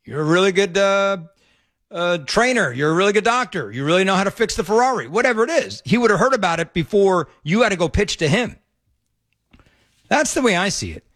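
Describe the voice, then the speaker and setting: A man's voice: sits high, lively intonation, a little fast, fairly bright tone. A man hosting a talk radio show, opinionated and laughing often. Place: radio studio.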